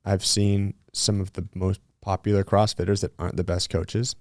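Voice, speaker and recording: Low-voiced candid male podcast host. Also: normal speed, no echo, clean studio sound. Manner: candid, swears freely, animated storytelling. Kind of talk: casual podcast conversation.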